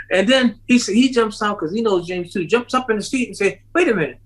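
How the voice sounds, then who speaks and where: A man's voice: fairly quick, rough recording. A man telling a long story as an interview guest, laughing often and acting out the voices of the people in it. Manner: acts out quoted voices with sharp rises in pitch, laughs often. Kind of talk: animated storytelling.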